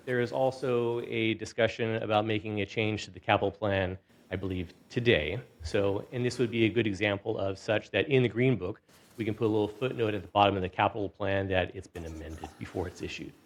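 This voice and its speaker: A man presenting a staff report to a community board, reading a disclaimer aloud and then explaining it with fillers, out of breath from the stairs. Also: fairly low pitch. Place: boardroom meeting.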